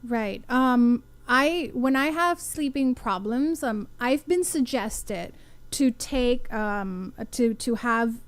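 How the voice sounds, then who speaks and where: A woman's voice: fairly high pitch, animated, takes it slowly, no echo. A woman radio DJ hosting a talk show, asking listeners' questions in a chatty, hesitant way with many fillers. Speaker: radio DJ host.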